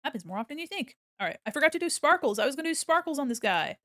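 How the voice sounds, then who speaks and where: A woman's voice: high-pitched, big pitch swings, racing, fairly bright tone, no room sound, studio quality. A young woman streaming while she draws, chatting casually, rambling, laughing often and swearing freely. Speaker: art streamer. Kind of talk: casual live-stream chat while drawing.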